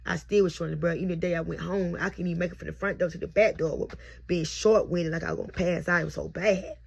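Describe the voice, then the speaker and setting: Gravelly-voiced young woman telling her story. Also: fairly low pitch, steady tone, fast talker, darkish tone. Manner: heartfelt, repetitive storytelling. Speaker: mother sharing a birth testimony. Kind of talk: emotional personal testimony. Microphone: self-recorded on camera.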